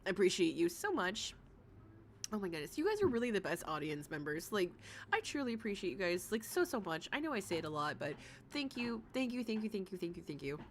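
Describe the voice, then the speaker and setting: A woman of thirty chatting on a livestream, blunt and animated, swearing without a second thought. Her voice sits in an ordinary middle pitch. A faint background hiss runs under the audio. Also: brisk. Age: 30s. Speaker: livestream host reacting to another streamer. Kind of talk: casual livestream commentary.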